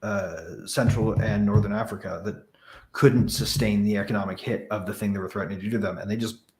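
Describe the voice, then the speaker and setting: A man's voice: on the low side, flat delivery, fast, a little mellow, echoey room. A man on a podcast panel speaking bluntly and emphatically, with some profanity. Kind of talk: casual panel chat.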